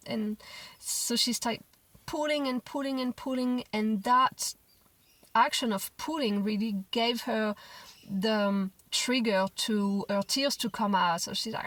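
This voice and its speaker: A young mother telling a personal parenting story to camera in a gentle, reflective way, often restarting her sentences. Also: medium pitch, steady tone, unhurried, no room sound, distant mic, poor audio. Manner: reflective, gentle, with frequent restarts and soft quoted asides.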